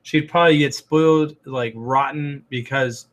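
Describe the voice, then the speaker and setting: A raspy-voiced man hosts a loose livestream at an average male pitch. He rambles through his thoughts, filling the gaps with "um" and "like", and answers viewer comments as they come in. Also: fairly even intonation, measured pace. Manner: rambling, heavy on "um" and "like". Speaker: livestream host. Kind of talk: casual livestream chat.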